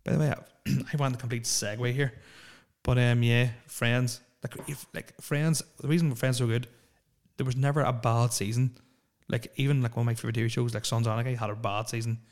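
A man in his thirties hosts a solo podcast, rambling through profane, opinionated rants. His voice sits at an ordinary pitch and stays monotone, barely rising or falling as he swears his way from one gripe to the next. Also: fairly quick. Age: 30s. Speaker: podcast host.

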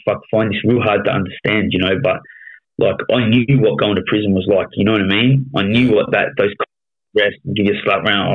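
Gruff Australian man, tinny phone-like sound. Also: on the low side. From Melbourne, Australia. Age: 30s. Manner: blunt, heavy swearing, frequent "you know what I mean". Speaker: podcast guest. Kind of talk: casual storytelling interview.

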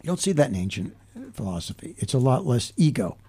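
A man's voice: mid-range voice, very animated, quick pace, dark tone, slightly rough. An older man hosting a casual talk show, telling a reflective story in a meandering way with many restarts. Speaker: podcast host.

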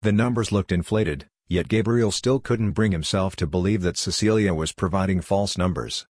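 Male audiobook narrator, deep husky voice, steady measured delivery, dry close recording. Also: dry recording.

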